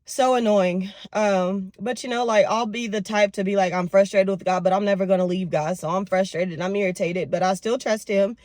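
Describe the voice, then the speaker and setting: A young woman vlogging casually to camera, telling her week in an expressive, venting way. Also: medium pitch, moderate pace, few pauses, no echo, studio quality. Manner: expressive, venting, lively storytelling. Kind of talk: casual vlog talk to camera.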